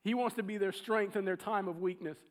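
A man preaching a sermon, telling a story with animated, acted-out quotes. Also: high-pitched, fairly quick.

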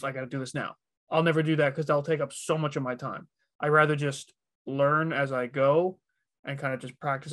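A man's voice: fairly high pitch, no room sound. A man who works as a voice actor talking casually on a podcast, rambling a little with lots of fillers. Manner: relaxed, rambling, many fillers. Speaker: voice actor guest.

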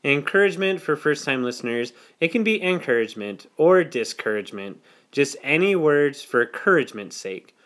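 A man's voice: a little high, sing-song, moderate pace, fairly bright tone. A man hosting a podcast, chatting casually, laughing often and reading playful rhyming verse. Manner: giggly, reads playful rhymes. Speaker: podcast host.

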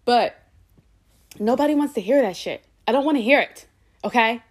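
A woman's voice: fairly high pitch, normal speed. A woman hosting her own podcast in a casual solo monologue, talking candidly with plenty of slang and cursing, and slipping into voices when she quotes people. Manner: animated, slips into voices when quoting people. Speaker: podcast host.

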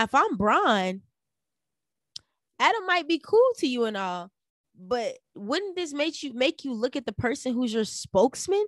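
A young adult woman hosting a solo podcast, giving animated opinion commentary with rhetorical questions aimed straight at her listeners. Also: on the high side, no room sound, studio quality. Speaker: podcast host.

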